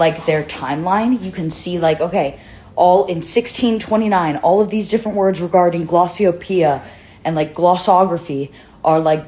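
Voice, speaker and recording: A woman's voice: low voice, a little mellow, husky. A woman hosting her own show, rambling casually and eagerly, with lots of "like" fillers. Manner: rambling, full of "like" fillers, enthusiastic. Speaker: host. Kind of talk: casual musing monologue.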